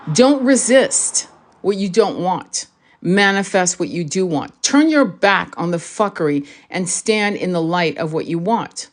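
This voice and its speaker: A woman's voice: lowish voice, lively intonation, a little slow. A woman giving a casual monologue to her viewers as a spiritual reader, talking passionately and bluntly, swearing freely and repeating key phrases for emphasis.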